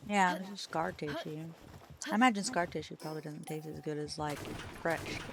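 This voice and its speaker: A woman's voice: low voice, fairly quick, a loud crowd. A woman co-hosting a game stream, chatting casually in a blunt, offhand way. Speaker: co-host streamer. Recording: clear background noise.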